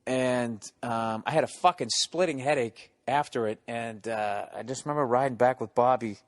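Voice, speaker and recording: Profane, animated man in his 40s. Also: medium pitch, normal speed, no room sound, studio quality. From United States. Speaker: stand-up comedian guest. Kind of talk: casual podcast storytelling.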